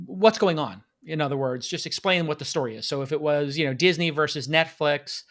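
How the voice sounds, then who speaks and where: A man hosting a live-streamed podcast, talking excitedly and hyping up his audience. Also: fairly high pitch, fairly quick. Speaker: podcast host.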